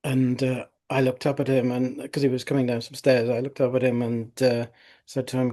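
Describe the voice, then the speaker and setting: A man's voice: mid-range voice, monotone, normal speed, mellow. Rambling middle-aged male osteopath. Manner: rambling, many fillers and restarts. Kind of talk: interview anecdote.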